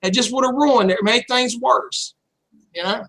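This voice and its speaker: Guy with a high bright voice just rambling thru a story, cussing a lot. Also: moderate pace, rough recording. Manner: rambling, blunt, swears freely. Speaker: channel host. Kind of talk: candid casual storytelling.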